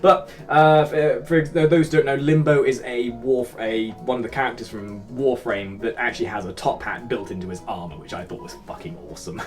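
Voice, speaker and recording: A young Englishman hosts his own video channel and answers viewer comments off the cuff. He rambles, mocks himself and drops casual swear words, his pitch swinging lively between high and low. Faint music plays quietly behind him. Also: normal speed. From Britain. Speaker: YouTube host.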